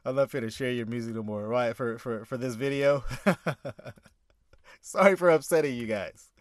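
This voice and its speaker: A man's voice: medium pitch, normal speed, no room sound, clean studio sound. A man commentating on a sermon clip, reading scripture and arguing back with emphatic repeats and laughter.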